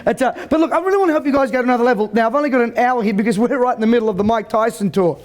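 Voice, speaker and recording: High-voiced brash man on stage. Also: rapid-fire. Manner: brash, joking, stammering restarts, commands the crowd. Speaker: motivational speaker. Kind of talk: live seminar address to a crowd. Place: event hall with live audience.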